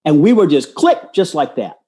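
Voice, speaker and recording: A man's voice: fairly high pitch, very animated, normal speed, dark tone. A man in his sixties from Texas, telling a personal story as a guest in an earnest, folksy way. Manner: earnest, folksy, acts out quoted voices. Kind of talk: casual storytelling.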